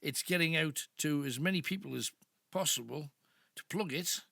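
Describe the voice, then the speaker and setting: An older radio host with a Geordie accent, talking in a gravelly, bright and fairly high voice. He rambles through anecdotes into a dry, close studio mic. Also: normal speed, no echo. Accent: Northeast English (Geordie). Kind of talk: late-night phone-in chat. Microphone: studio microphone.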